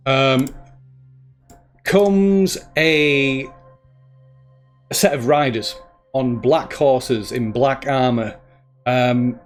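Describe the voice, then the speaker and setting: A male game master narrates a tabletop game at an unhurried pace, often stopping and restarting as he hunts for the right word. His voice sits at a middling pitch, with faint music playing underneath. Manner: halting, searching for words, many restarts.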